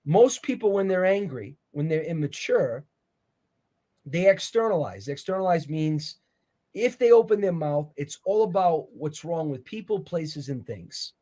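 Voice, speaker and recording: A man sits for an interview and walks through his points in an earnest, preacherly tone. His voice sits a touch higher than most men's. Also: animated, unhurried, warm tone. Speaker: interview guest, author. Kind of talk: conversational interview.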